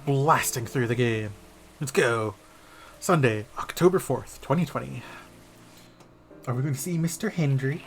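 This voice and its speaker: A man streaming a story game live, chatting and reacting out loud as he reads. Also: medium pitch, unhurried, long pauses, soft background music.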